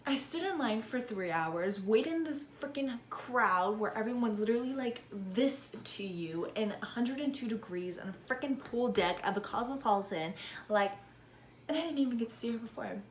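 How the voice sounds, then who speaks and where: A woman's voice: medium pitch, slight background noise. A young woman vlogger telling a casual storytime, chatty, swearing often and laughing between lines. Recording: echoey room.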